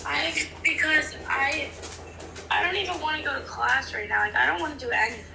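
A woman's voice: high voice, animated, brisk, gravelly, far from the mic. A young woman chatting casually with friends on a call, laid-back and slangy. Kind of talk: casual chat. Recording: echoey, loud background noise.

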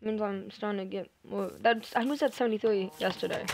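A young woman chatting casually to herself and her viewers while streaming a game, thinking out loud. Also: mid-range voice, steady tone, a little fast, background noise. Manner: chatty, thinks aloud, self-talk with little sing-song bits. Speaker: gamer streaming live.

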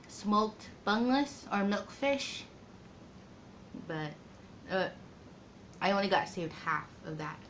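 A woman chatting casually to her viewers in an eating vlog, slow and halting, with many pauses and fillers. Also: medium pitch, sharp tone, slight background noise, rough recording. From Guam. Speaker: mukbang vlogger.

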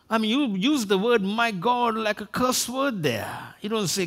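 A man's voice: sits high, animated, brisk, hardly any pauses, a bit bright. A man preaching a sermon emphatically, now and then acting out quoted voices. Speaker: pastor.

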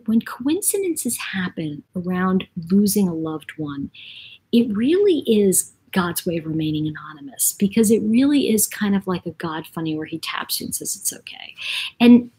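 A woman's voice: medium pitch, a little mellow, slightly rough, poor audio. A woman hosting a casual livestream, chatting in a rambling way, laughing often and reading out viewer comments. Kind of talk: casual live-stream chat.

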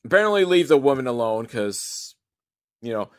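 A man's voice: medium pitch, very animated, normal speed. A man giving a casual, comedic movie recap, rambling and sarcastic with some swearing. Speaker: movie reviewer.

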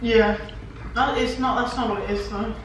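A woman's voice: fairly high pitch, steady tone, normal speed, distant mic. A woman giving short, frank opinions on the food in casual chat. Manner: brief, frank replies. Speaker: co-host partner. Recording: very echoey room, off mic, noise.

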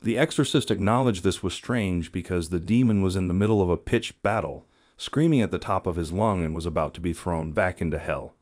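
A man narrating a scripted storytelling video as the channel's host, in a steady, even read. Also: low voice, a little fast, no echo, studio quality.

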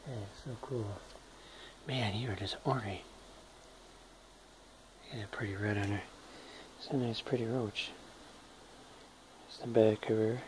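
A man's voice: lowish voice, steady tone, a little slow, pauses often. A man filming his pet hissing roaches, chatting to them fondly and teasing them with baby talk, recorded on a phone. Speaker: hobby bug keeper. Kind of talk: casual handheld pet video.

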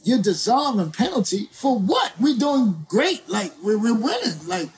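A male rapper as a guest, telling a story in a lively, slangy, profane way and acting out other people's lines. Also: high voice, unhurried, slight background noise. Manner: slangy, profane, acts out quoted voices. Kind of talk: animated storytelling.

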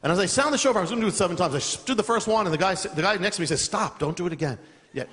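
A man's voice: high-pitched, rapid-fire. A man preaching a sermon, telling a story with energy and laughing as he goes. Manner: animated, laughing through a funny story. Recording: long reverb of a large hall.

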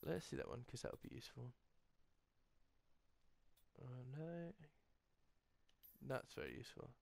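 A young man giving excitable let's-play commentary, yelling and laughing at the game with mild slang. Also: mid-range voice, unhurried, creaky. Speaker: gamer.

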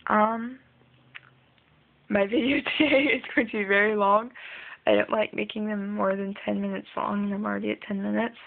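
A woman's voice: mid-range voice, level tone, moderate pace, gravelly, phone-quality sound. A young woman rambling casually in a video diary, chatty and full of ums. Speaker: vlogger.

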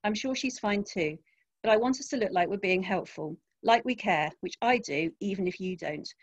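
A woman's voice: medium pitch, normal speed, husky, no echo, dull audio, lightly acted. A woman voicing a curt, impatient young man who cares about appearances, reading a crime story aloud. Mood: low, firm. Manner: curt, snappy. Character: impatient young adult male partner, image-conscious.

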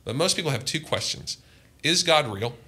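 A man's voice: on the high side, expressive, normal speed, pushed and bright, husky. A man, a pastor, telling earnest personal testimony in a podcast conversation. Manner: earnest, impassioned storytelling.

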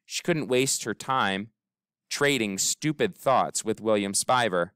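A man reading a children's story aloud in an expressive, animated way, giving the characters voices. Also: on the low side, slow, clear, resonant tone, no echo, clean studio sound. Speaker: audiobook narrator.

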